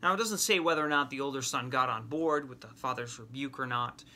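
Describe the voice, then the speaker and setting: A middle-aged man teaching a sermon, retelling a scripture story in lively paraphrase and acting out the characters' lines. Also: medium pitch, brisk. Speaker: men's ministry teacher.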